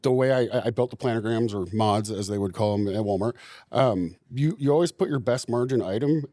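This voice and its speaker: A man's voice: mid-range voice, fairly quick, warm tone, no room sound, studio quality. A man guest on a casual podcast who explains store tactics in a chatty way, with lots of "like" and "um". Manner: chatty, many "like" and "um" fillers. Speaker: podcast guest, retail buyer.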